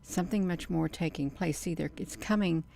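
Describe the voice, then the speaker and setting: A woman, talking excitedly to her viewers as she comments on a screen in a casual livestream. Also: lowish voice, normal speed, creaky, slight background noise. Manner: excited, talks to viewers as "you all". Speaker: video creator.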